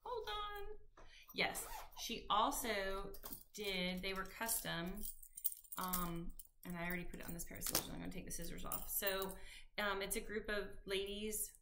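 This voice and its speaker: A woman's voice: mid-range voice, expressive, normal speed, noisy background. A woman in her fifties chatting casually to camera about her stitching, rambling with many ums and restarts. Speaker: cross-stitch vlogger.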